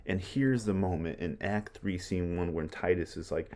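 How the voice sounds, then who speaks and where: A man gives a casual lecture on a play, animated and full of restarts and repeated words. His voice is low and deep, and he keeps checking in with a quick "right?". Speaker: literature teacher.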